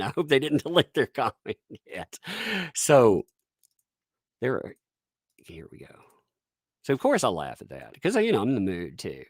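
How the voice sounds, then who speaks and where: Male streamer, jokey and derisive, pitch leaps all over, dry close mic. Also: no echo. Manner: laughs often, mocking and animated. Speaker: YouTube commentator. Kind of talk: livestream commentary.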